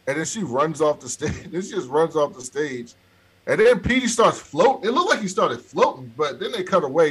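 A man with a fairly high, somewhat bright, slightly rough voice co-hosts a podcast. He chats casually through a movie scene by scene, telling it with lots of laughter and cursing.

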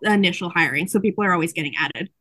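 A woman hosting a casual podcast chat, recapping a book in animated storytelling and acting out the characters' lines. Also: on the low side, fast talker, breathy edge, dry recording.

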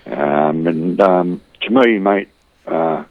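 A man's voice: deep voice, slow pace, dry recording, phone-quality sound. A middle-aged Australian man chatting casually as an interview guest, rambling a little and dropping "mate" into nearly every sentence. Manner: rambling, says "mate" constantly, blokey banter. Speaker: boxing community volunteer, interview guest.

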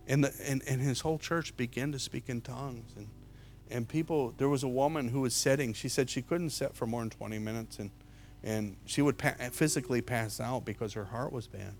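A middle-aged man preaching a sermon as an evangelist, telling a story with lots of repeated words, jumping from loud to hushed. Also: mid-range voice, brisk. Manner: repeats words and restarts often.

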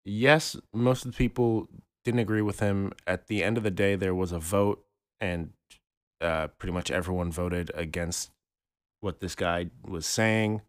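A man with a fairly low voice co-hosts a casual podcast about art history. He explains things haltingly and restarts often. The sound is dry and close to the mic. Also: dry recording. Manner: halting, many fillers and restarts. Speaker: podcast co-host.

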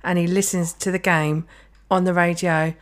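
This is a woman in her thirties with a slightly low voice, co-hosting a chatty podcast. She rants in a joking, sweary way. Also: level tone, normal speed. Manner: ranting, sweary, jokey. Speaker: podcast co-host. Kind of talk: casual chat.

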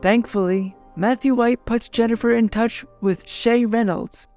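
A woman narrating a podcast in a wry, even voice. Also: a little high, measured pace, soft background music. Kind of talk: scripted narration.

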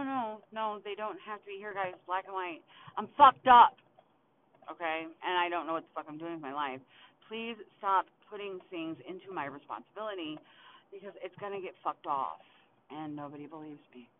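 A young man hosting a podcast, venting in a frustrated, profane monologue full of halting restarts while sitting in his car. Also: on the high side. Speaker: podcast host. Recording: tinny phone-like recording with faint hiss.

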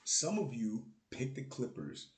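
A man with a medium-pitched, darkish voice hosts his own podcast, ranting about basketball in a casual, profane, joking way. His pitch swoops wildly and he talks a little slowly. A close podcast mic catches plosive pops, and the room sounds roomy and echoey.

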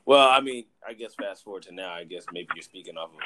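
A man in casual conversation, chiming in with quick agreeing reactions and his own stories. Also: low-pitched, animated, noisy background. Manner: agreeable listener, chimes in with short reactions. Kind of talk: casual chat.

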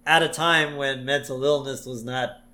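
A man's voice: mid-range voice, steady tone, normal speed, bright, forceful tone. A man co-hosting a podcast, recapping a cartoon episode in casual chat and acting out the lines. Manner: retells scenes, acting out lines. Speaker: podcast co-host.

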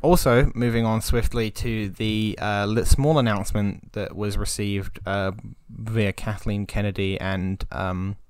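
An English man chats as a podcast host, rambling and enthusiastic, with a fairly low voice. The sound is dry and close to the mic, with no room around it. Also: steady tone, measured pace, few pauses, a little mellow, clean tone, dry recording. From England. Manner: enthusiastic, rambling, laughs easily. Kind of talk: casual podcast chat.

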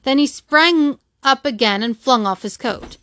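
A woman's voice: sits high, measured pace, fairly bright tone, dry recording, studio quality. Woman reading a classic novel aloud. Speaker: audiobook reader. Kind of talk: storybook narration.

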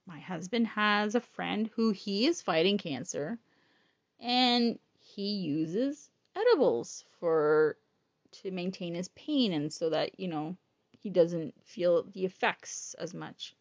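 A woman's voice: mid-range voice, big pitch swings, slow pace, a bit bright, lo-fi sound. A woman casually telling a personal story, frank and rambling, swearing freely. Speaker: storyteller sharing personal illness experience.

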